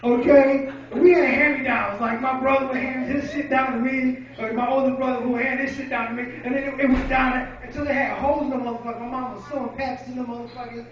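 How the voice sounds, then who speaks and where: A man's voice: very high voice, little pitch movement, fast talker, few pauses. A man from Rochester, New York, telling loose, profane stand-up stories at a café open mic. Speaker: stand-up comedian. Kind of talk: stand-up comedy set. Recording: echoey, lo-fi room from far off.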